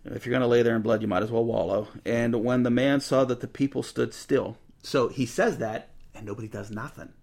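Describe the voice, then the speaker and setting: A man's voice: medium pitch, brisk, vocal fry, hardly any pauses. A man teaching a Bible passage in a folksy, conversational way. He reads the text aloud and breaks off into casual asides. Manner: folksy, animated retelling with asides.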